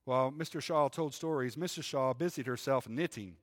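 A man's voice: mid-range voice, brisk, in a large hall. A man preaching a sermon in a church, talking to the congregation in a conversational way and often adding "right?". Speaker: pastor. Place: church sanctuary.

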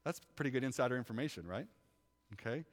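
A man preaching a sermon, telling a Bible story with lively acted-out voices and shifts from loud to hushed. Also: medium pitch, fast talker. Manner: animated storytelling, acting out biblical figures. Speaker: pastor. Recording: long hall reverb.

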